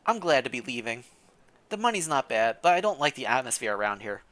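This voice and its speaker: A man's voice: medium pitch, big pitch swings, a little fast, a bit bright. A man voicing a middle-aged village baker woman who is wary and gossipy, speaking in a confiding, cautious way while reading a story game aloud. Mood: brisk.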